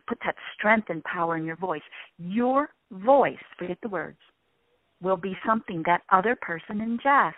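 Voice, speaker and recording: A woman's voice: mid-range voice, lively intonation, measured pace, dry recording. Woman, interview guest, varies her tone to demonstrate, tinny phone audio, dry. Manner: demonstrates voices by shifting tone. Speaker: sound healing guest. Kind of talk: interview conversation.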